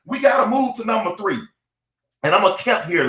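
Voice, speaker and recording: A man's voice: high voice, expressive, quick pace, bright, forceful tone. A man giving a preaching-style motivational talk, fervent and emphatic, repeating phrases. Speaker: motivational speaker. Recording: echoey room.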